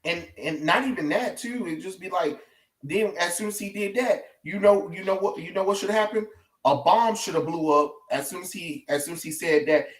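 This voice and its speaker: A man in casual pop culture chat, animated and rambling as a podcast co-host. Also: high-pitched, normal speed, recorded from a distance. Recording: echoey room, off-mic.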